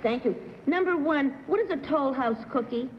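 A woman on a game show panel, asking quick-fire questions in a crisp, businesslike way. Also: high-pitched, animated, slight background noise. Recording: dull 1960s TV broadcast, hall reverb.

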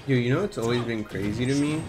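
A young man streams a fighting game, his middle-pitched voice breaking into excitable, slangy outbursts and casual swearing. He rambles loosely between reactions. Game music plays clearly underneath. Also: fast. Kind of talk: casual live-stream gameplay chatter.

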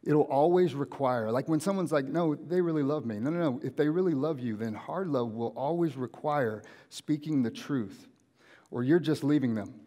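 A young man preaching a casual sermon in a church auditorium, animated and often acting out everyday conversations in different voices. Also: mid-range voice, moderate pace. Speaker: pastor.

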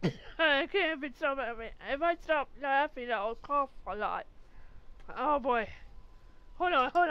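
Giggly high-voiced woman gaming. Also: lively intonation, a little slow, dry recording, highs cut off. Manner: giggly, exclamatory, keeps breaking into laughter. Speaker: gameplay vlogger. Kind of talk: casual let's-play commentary.

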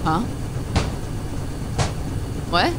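A woman commenting on a video game as she plays, joking and reacting loudly to scares. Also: very slow, noisy background. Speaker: gaming streamer. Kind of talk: let's play commentary. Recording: game music behind the voice. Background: game music.

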